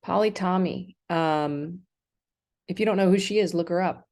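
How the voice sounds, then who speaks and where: At a moderate pace and in a fairly low, slightly mellow voice, a middle-aged American woman vlogs an indignant livestream rant. She rambles, says um often, and keeps restarting her sentences.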